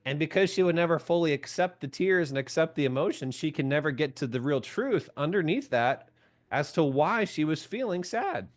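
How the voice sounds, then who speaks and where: A man's voice: a little high, lively intonation, normal speed, faint music behind. A man leading a group call as a coach, chatting casually, asking his listeners questions and laughing often. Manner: chatty, asks the audience questions, laughs often, keeps saying "right?"; reads out and answers viewers' comments by name.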